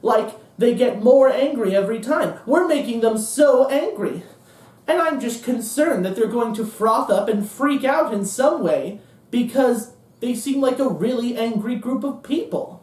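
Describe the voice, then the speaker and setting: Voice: medium pitch, lively intonation, a little slow, darkish tone, roomy sound, distant mic, natural voice, poor audio. A stage monologuist voicing a nervous young male junior analyst who speaks hesitantly and with worry. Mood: anxious. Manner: hesitant, worried.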